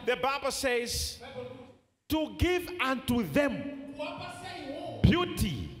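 A man preaching a sermon in a church, shouting and repeating phrases with drawn-out emphasis. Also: extremely high pitch, huge pitch swings, big-room sound, crowd noise.

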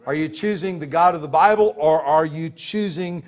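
High-voiced emphatic preaching pastor. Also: male voice, normal speed. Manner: emphatic preaching with rhetorical questions. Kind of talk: sermon.

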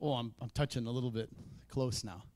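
A man preaching a sermon in a church, conversational in tone, with sudden loud emphatic peaks. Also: medium pitch, fairly even intonation, brisk, dry recording. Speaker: pastor.

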